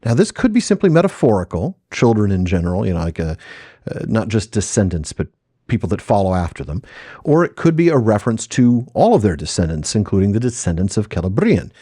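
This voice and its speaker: A male podcast host lays out his explanations with scholarly enthusiasm. His low, mellow voice swings widely in pitch. The sound is dry and close. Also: big pitch swings, a little fast, husky, no echo.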